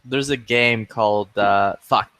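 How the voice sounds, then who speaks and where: Bright, profane storytelling man. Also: fairly low pitch, slow pace, no echo. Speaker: gamer in voice chat. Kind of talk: casual chat.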